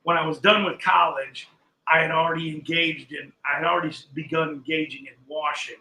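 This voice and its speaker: Older man, animated storyteller, high bright voice, roomy echo. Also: fairly quick, a little hiss or hum. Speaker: podcast guest. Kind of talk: casual storytelling in a chat.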